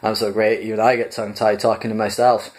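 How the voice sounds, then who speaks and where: A man voicing a brash, boastful male space adventurer who talks loudly and admires himself. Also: lowish voice, level tone, fast talker, natural voice. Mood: cocky. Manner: cocky, loud, self-admiring.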